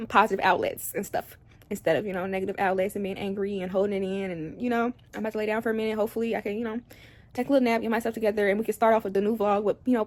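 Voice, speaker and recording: A woman's voice: mid-range voice, darkish tone. A young woman, talking to camera at home through tears, rambling and confiding in her viewers. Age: young adult. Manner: tearful, rambling, speaks straight to viewers. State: crying on and off. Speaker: vlogger. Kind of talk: emotional confiding chat to camera. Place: at home, indoors.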